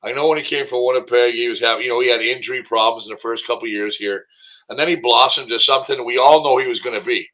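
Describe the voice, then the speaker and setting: A man's voice: medium pitch, fast talker, sharp tone, poor audio. A man talking football as a guest on a sports talk show, emphatic and enthusiastic, rambling with fillers. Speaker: guest, former football player and commentator.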